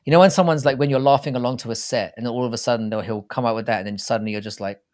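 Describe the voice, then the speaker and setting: A British man talks in loose, rambling banter as co-host of a casual livestream. His voice sits at a middling pitch, and he chats easily with his partner. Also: steady tone, very fast, a little mellow. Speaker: podcast co-host.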